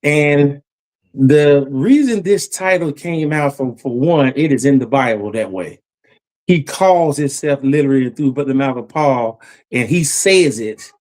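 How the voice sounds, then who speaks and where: A man's voice: medium pitch, expressive, a little slow, darkish tone. A man preaching a Bible lesson about judgment, emphatic and repetitive, his voice climbing as he warns. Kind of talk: Bible teaching sermon.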